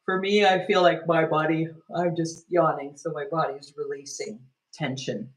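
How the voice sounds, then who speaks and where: A woman leading a live online healing workshop, talking gently and loosely, with many restarts and fillers as she guides a self-care technique. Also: sits low, steady tone, normal speed, low-quality recording. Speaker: energy healing teacher.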